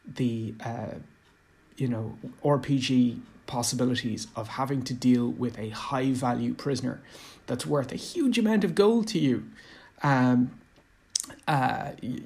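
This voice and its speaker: A man's voice: mid-range voice, creaky, darkish tone. A man giving a rambling casual monologue on running tabletop games, hesitant with many fillers and restarts. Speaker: tabletop game commentator.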